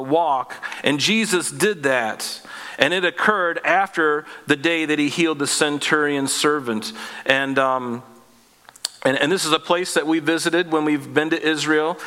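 A man's voice: a little high, pushed and bright, big-room sound. A male pastor preaching a sermon in an earnest, conversational way, often asking rhetorical questions.

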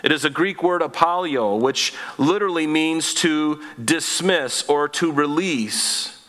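A man with a fairly high voice preaches from the pulpit in a church sanctuary. He reads scripture and then explains it with friendly asides to the congregation. The sound carries a long hall reverb. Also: unhurried, a bit bright. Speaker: pastor. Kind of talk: expository sermon.

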